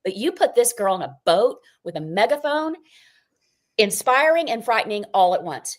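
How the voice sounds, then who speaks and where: A woman's voice: a little high, big pitch swings, normal speed. A woman hosting a podcast interview, introducing her guest in an enthusiastic, chatty way. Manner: enthusiastic, chatty, frequent "I love it". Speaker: podcast host.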